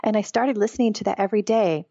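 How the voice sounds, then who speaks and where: Talking fast in a dark, medium-pitched voice, a middle-aged author reflects earnestly on her experience as an interview guest. The line is slightly dull and lo-fi, with a dry, close sound and no echo.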